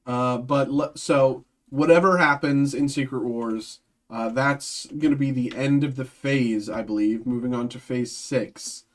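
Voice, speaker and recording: A man's voice: medium pitch, fairly even intonation, slow. A man hosting a livestream, thinking aloud in casual chat, hesitant and full of ums and restarts. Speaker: card break host.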